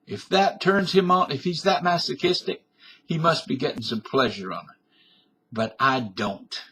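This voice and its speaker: A man's voice: fairly high pitch, normal speed, sharp tone, breathy edge. A middle-aged man from Canada giving a defiant, blustering comic rant to his webcam, tough-talking and profane. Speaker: vlogger. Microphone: webcam microphone.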